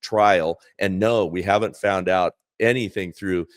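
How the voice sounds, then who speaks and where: A man's voice: low-pitched, measured pace, no echo, clean studio sound. A man co-hosting a casual political chat, rambling with many fillers and restarts. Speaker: co-host.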